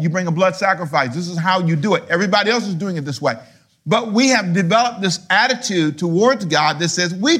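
Middle-aged male pastor, fairly high voice, lively sermon delivery with rhetorical questions. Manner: animated preaching, rhetorical questions; swings from low murmurs to loud high emphasis.

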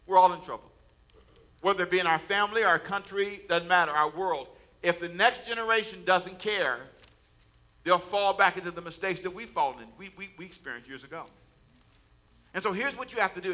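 A middle-aged man preaching a sermon, shifting from quiet asides to loud emphatic bursts and calling on the congregation to repeat after him. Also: fairly high pitch. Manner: preaching with call-and-response prompts to the congregation. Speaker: pastor.

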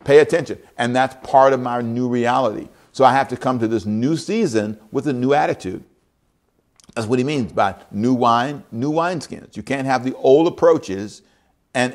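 A man in his sixties preaching a sermon as pastor, emphatic and repetitive, building to loud, high-pitched peaks. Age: 60s. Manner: emphatic, repeats phrases, rises to near-shouting peaks.

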